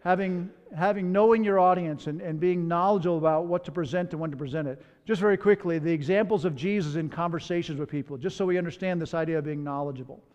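A man's voice: fairly high pitch, quick pace, hardly any pauses, darkish tone, long reverb tail, lo-fi sound. A man preaching a sermon as pastor. He tells stories in a conversational way, with candid asides.

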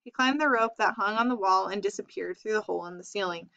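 A woman reading a children's chapter book aloud in a steady storytelling manner. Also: medium pitch, quick pace, gravelly, dry recording, lo-fi sound. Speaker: reader.

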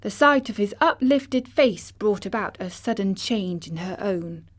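Slow, gentle woman storyteller. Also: mid-range voice, lively intonation. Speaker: audiobook narrator. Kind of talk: storybook narration.

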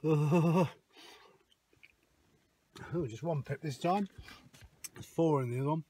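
A man's voice: a little high, slow pace, mellow, slight background noise. A middle-aged Englishman with a slightly raised voice talks to his viewers while out in a field. He thinks aloud over each find and keeps up a running, casual commentary. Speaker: metal detecting vlogger.

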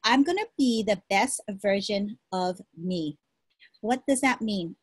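A woman giving an energetic, encouraging motivational talk as a sales team leader, repeating her points, recorded at her desk. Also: mid-range voice, slow, breathy edge, no echo. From Hawaii.

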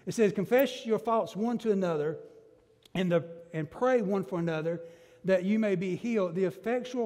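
A man's voice: high-pitched, a little mellow. A man preaching a sermon as pastor, emphatic, with rising bursts and rhetorical questions to the congregation. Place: church sanctuary. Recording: long church reverb.

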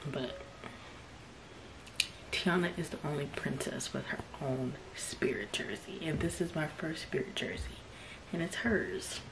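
Gushing low-voiced woman, half whispering. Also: lively intonation, unhurried, creaky, long pauses, background noise. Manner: gushing, often dropping to a whisper. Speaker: unboxing vlogger. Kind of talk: excited unboxing chat. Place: room at home. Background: kids playing outside.

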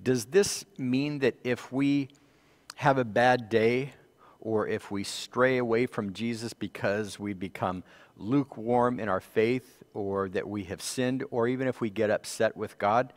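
A man's voice: mid-range voice, a little slow, long reverb tail. A man with an American accent teaching a church Bible study class, reading scripture aloud and stressing key words, then explaining them. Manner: reads scripture aloud with rising emphasis. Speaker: Sabbath School teacher.

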